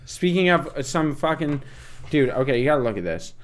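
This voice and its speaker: A man co-hosting a podcast in casual chat, profane and animated when telling stories. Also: a little high, brisk. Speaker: podcast co-host.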